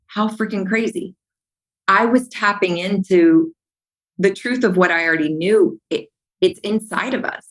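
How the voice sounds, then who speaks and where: A woman's voice: medium pitch, unhurried, low-quality recording. A woman speaking as a podcast guest, telling stories with animation, acting out past conversations and driving her points home by repeating phrases. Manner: animated storyteller who acts out remembered dialogue.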